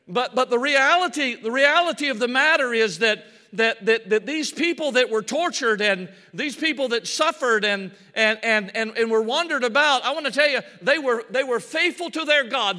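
High, sharp-toned preacher in a reverberant hall. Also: male voice, animated, normal speed, few pauses. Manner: acts out scripture scenes with quoted voices; repeats words as he builds emphasis. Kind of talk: sermon.

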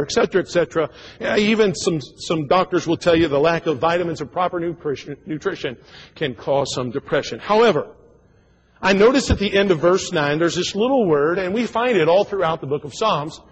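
A man's voice: a little high, a little hiss or hum. A man in his forties preaching a sermon in a church, folksy and joking, with frequent stammered repeats. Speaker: pastor. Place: church sanctuary.

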